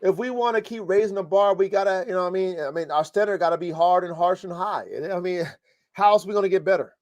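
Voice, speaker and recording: A man's voice: high-pitched, fast, darkish tone. A man hosting a live podcast, coaching dog breeders in a blunt, profane, fired-up way. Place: home studio, live stream.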